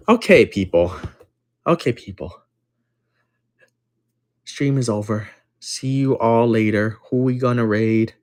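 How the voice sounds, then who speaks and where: A man's voice: medium pitch, expressive, unhurried, a little mellow. A man hosting a card-breaking livestream, telling a story in a brash, profane, casual way, repeating lines for emphasis and counting down between breaks.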